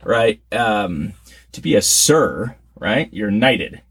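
Co-hosting a podcast, a man chats casually and pokes fun at himself, his pitch swinging in animated ways. He takes his time, and his voice has a breathy edge.

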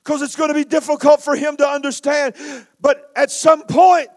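A man's voice: extremely high pitch, little pitch movement, moderate pace, pitched above the performer's own voice. A preacher voicing a fervent praying mother. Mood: fervent vow. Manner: fervent, pleading, emphatic. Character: devoted praying mother vowing her son.

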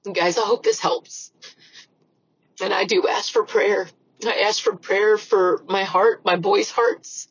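A woman's voice: medium pitch, fairly even intonation, a little slow, breathy edge, muffled recording. A middle-aged woman hosting a faith podcast, talking earnestly through tears and praying aloud. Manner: earnest, emotional, repeats phrases. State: tearful, crying. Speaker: podcast host. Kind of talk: personal faith podcast talk and prayer.

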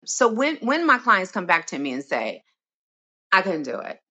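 A woman speaking as a self-love expert in a podcast interview, expressive and animated, sometimes dropping to a soft reflective tone. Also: mid-range voice, moderate pace. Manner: animated and expressive, acting out inner voices with laughs.

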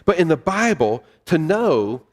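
A man's voice: on the high side, very animated. Man preaching in an echoing hall. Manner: measured preaching with deliberate pauses and repetition. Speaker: pastor. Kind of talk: sermon. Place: church sanctuary. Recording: long reverb of a hall.

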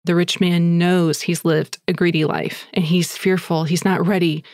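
A woman with a low, gravelly voice recounts a tale in a casual, chatty flow, full of little fillers. The sound is close and dry, with no room around it. She comes across as an eager podcast host telling a story to her listeners. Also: level tone, moderate pace, darkish tone, no room sound. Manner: chatty, breathless, with fillers like "like" and "you know".

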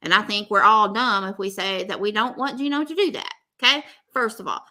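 A woman's voice: medium pitch, fairly quick. A woman from Texas with a Southern accent, co-hosting a casual chat and acting out people's lines as she gossips. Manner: animated gossip, acts out quotes in funny voices. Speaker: podcast co-host.

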